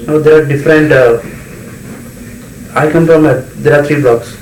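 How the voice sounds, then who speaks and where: A man's voice: on the high side, steady tone, moderate pace, a little mellow, slight background noise. A man explaining his view at length in a casual group discussion, with hesitant fillers. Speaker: discussion participant. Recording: echoey room, faint ambience.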